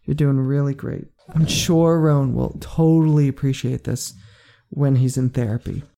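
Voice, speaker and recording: A man's voice: medium pitch, fairly even intonation, moderate pace, creaky, mellow. A man co-hosting a podcast over a call, teasing his partner in a mock-threatening way. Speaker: podcast co-host. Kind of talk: casual podcast chat. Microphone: call on a phone or computer.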